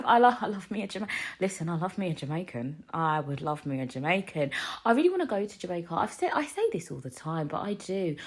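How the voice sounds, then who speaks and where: A woman, hosting a casual solo podcast and ranting in an animated, jokey way, swinging between loud and quiet. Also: medium pitch, a little fast, husky. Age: 20s. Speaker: podcast host.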